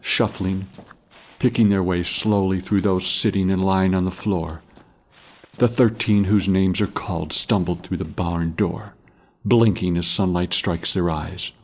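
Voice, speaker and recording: A man narrates a grim story in a grave, measured reading. His voice sits very low, and he takes his time over every phrase. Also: steady tone, darkish tone.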